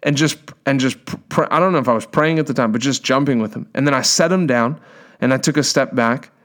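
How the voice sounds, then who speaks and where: Guy preaching, animated storytelling, reads bible passages, mid-pitched voice. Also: fast talker. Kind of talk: sermon with storytelling and scripture reading.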